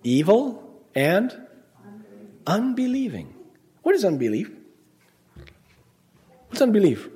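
A man's voice: high voice, wildly swooping pitch, takes it slowly, pauses often, dark tone. A middle-aged man preaching a sermon, emphatic, often asking the congregation questions and answering them. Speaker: pastor.

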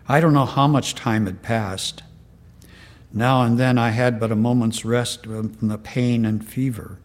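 An older man tells a story in a slow, earnest, measured voice. His pitch sits in the middle, and he takes his time over every line. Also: darkish tone. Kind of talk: reading a letter aloud, then personal anecdote.

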